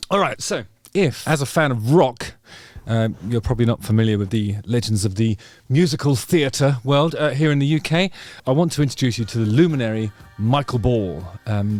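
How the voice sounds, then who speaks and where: A man's voice: medium pitch, a little mellow. Wry rambling man. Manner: rambling and wry, lots of ums, swears casually. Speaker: channel host. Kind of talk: casual reaction commentary.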